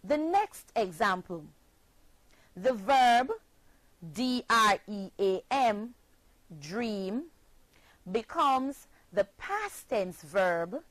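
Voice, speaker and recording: A woman teacher from Jamaica giving a scripted spelling lesson, speaking slowly and spelling words out letter by letter. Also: a little high, fairly bright tone, no room sound, low-quality recording.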